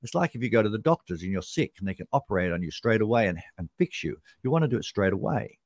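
A man's voice: on the low side, sing-song, quick pace, no echo, clean studio sound. A man, a sales trainer explaining his method as a podcast guest, punchy and repeating key points for emphasis.

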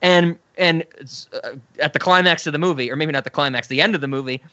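Bright, laughing male podcast host. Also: a little high, quick pace, no echo, highs cut off. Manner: laughing, joking, rambling. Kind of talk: casual chat.

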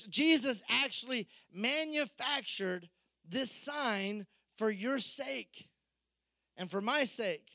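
A man preaching a sermon, animated and acting out the people in the story with quoted voices. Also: very high voice, no room sound. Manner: animated, acts out Bible figures in quoted voices. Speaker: pastor.

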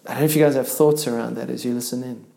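A man's voice: medium pitch, steady tone, very fast, vocal fry, dark tone. A man hosting a podcast, talking reflectively and a little hesitantly with casual fillers. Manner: reflective, hesitant, with "you know" and "like". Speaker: podcast host. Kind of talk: reflective conversation. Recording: roomy echo.

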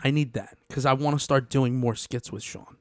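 A young man with a New York accent hosting a podcast in animated, casual chat. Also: mid-range voice, moderate pace, dry recording, studio quality. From Long Island, New York. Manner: animated, chatty, trails off and restarts. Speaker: podcast host.

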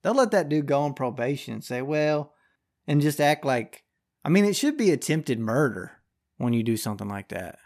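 A man's voice: mid-range voice, expressive, moderate pace, darkish tone. A young man hosting a podcast, ranting through the news with heavy swearing and slangy, drawling speech. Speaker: podcast host. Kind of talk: profane news commentary.

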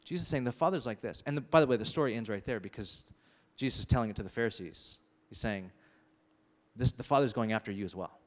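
A male pastor preaching a sermon, animated and conversational, acting out the people in his stories with quick asides. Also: medium pitch. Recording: long reverb of a large hall.

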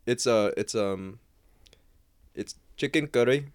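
A man's voice: medium pitch, slow, clean tone, no room sound, clean studio sound. A young man co-hosting a casual podcast, laid-back and swearing as he rambles. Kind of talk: casual chat.

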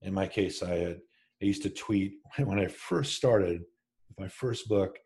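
A podcast co-host with a very deep, mellow voice. He talks with dry humor and hesitant fillers. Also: unhurried, gravelly. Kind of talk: podcast chat.

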